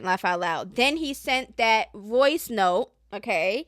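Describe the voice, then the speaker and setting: A woman's voice: medium pitch, expressive, takes it slowly, hardly any pauses, fairly bright tone, no echo, clean studio sound. A woman hosting casual gossip commentary, chatty and slangy, often trailing off with hesitant asides.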